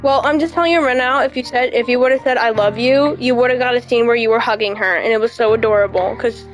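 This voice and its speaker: Young woman, high voice, dramatic visual novel reading, repeats herself when upset, online call. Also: fairly even intonation, fast talker, soft background music, low-quality recording. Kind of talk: emotional game read-aloud.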